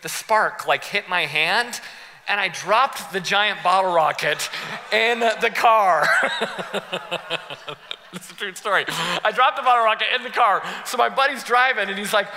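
Animated preacher man in a reverberant hall. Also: sits high, measured pace, a little hiss or hum. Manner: animated, laughing storyteller who acts out scenes. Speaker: pastor. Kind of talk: sermon with personal storytelling. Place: church hall.

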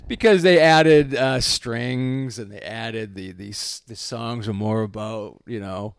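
A man in casual podcast chat, wandering through his points with lots of "like" and "you know", restarting sentences as he goes. His voice sits at an ordinary pitch and is recorded close and dry, with no room sound. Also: slow, creaky, clean tone, dry recording. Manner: rambling, hesitant, many fillers and restarts, laughs often. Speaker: podcast co-host. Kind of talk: casual chat about music.

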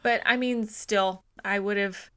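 A woman's voice: mid-range voice, steady tone, slow, a bit bright, smooth, no room sound. Blunt, swearing woman podcast co-host. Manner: blunt and profane, laughs a lot. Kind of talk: casual movie chat.

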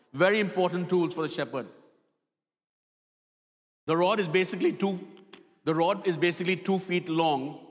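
A male pastor preaching a sermon, repeating key lines and acting out stories with dramatic voices. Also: on the high side. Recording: long hall reverb.

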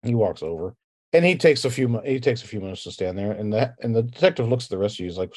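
A man's voice: lowish voice, animated, fast talker, a little mellow. A man narrating as game master of a tabletop game, in loose, rambling narration full of restarts.

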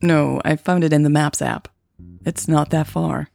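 A woman doing a calm, wry woman. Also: low voice, a little slow, vocal fry, faint music behind, heavily acted.

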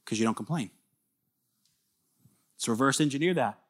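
Earnest pastor preaching conversationally. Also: male voice, mid-range voice, lively intonation, moderate pace, long pauses. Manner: rises to emphatic bursts, drops to soft confiding tones. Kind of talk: sermon.

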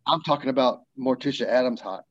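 A man, a military veteran, telling a story in casual chat, animated and profane as he acts out the dialogue. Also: mid-range voice, fast talker, no echo, dull audio.

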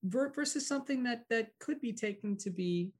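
A man hosting a podcast interview, asking halting, curious questions with many restarts. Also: extremely high pitch, animated. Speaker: podcast host.

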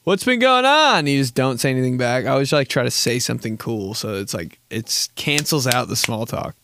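A young man on his own podcast, riffing in a rambling, self-mocking, profane way, full of "like" and quick laughs. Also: mid-range voice, steady tone, gravelly, fairly bright tone. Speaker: podcast host. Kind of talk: casual comedic storytelling.

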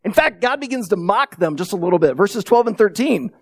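A middle-aged man delivering a sermon with a lively, swooping delivery, acting out voices as he tells stories. His voice is close and dry, with no room sound around it. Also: high voice, brisk, few pauses, no room sound. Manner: animated storytelling with acted-out quotes. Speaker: pastor.

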